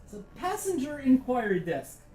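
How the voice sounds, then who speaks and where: A woman's voice: high-pitched, very animated, normal speed, dark tone, faint music behind, poor audio. A woman giving casual, enthusiastic commentary while playing a virtual reality game, chatty and swearing freely. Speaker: VR game reviewer.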